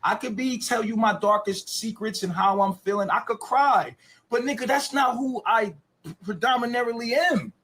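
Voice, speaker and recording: A man in a heated, profane and boastful rant, talking loudly. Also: very high-pitched, moderate pace. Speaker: clip subject.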